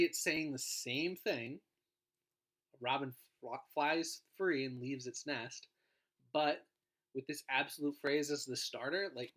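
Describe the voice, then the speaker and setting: A man's voice: mid-range voice, a bit bright. Guy explaining grammar in a chill lesson voice, trails off at the end of lines. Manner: informal, explanatory, drops in energy at phrase ends. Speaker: guest teacher.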